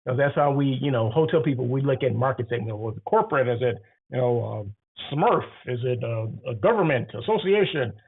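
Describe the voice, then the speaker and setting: A man giving casual advice on running hotels, rambling and asking the listener questions, his throat catching as he clears it now and then. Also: mid-range voice, animated, a little fast. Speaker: hotel industry host. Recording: tinny phone-like audio.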